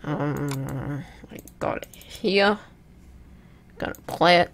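A young woman casually commenting while playing a video game, chatty and self-mocking, now and then letting out loud whoops. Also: deep voice, very slow, vocal fry, slight background noise. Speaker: let's play gamer.

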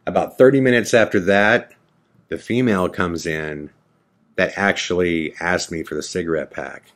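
A man hosting a podcast, telling a story from his own life in an animated way and acting out the voices of the people in it. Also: sits low, moderate pace. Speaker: podcast host. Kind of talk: personal storytelling. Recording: podcast audio.

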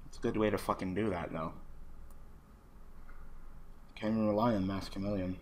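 Low-voiced man ranting over a card game. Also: fairly even intonation, normal speed, long pauses, a little hiss or hum. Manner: swears constantly, swings from muttering to ranting. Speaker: gaming channel host. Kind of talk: casual card game commentary.

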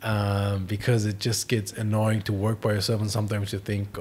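Low-voiced man with a German accent. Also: level tone, normal speed, few pauses, darkish tone, breathy edge. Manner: easygoing, hesitant with many ums and restarts. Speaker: guest, professional soccer player. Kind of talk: casual podcast interview.

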